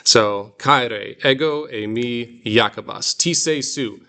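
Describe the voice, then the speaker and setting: A man's voice: medium pitch, bright, forceful tone. Man, classroom teacher, plain mid voice, explains and drills pronunciation. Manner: explanatory, repeats and models pronunciations slowly. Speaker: Greek teacher.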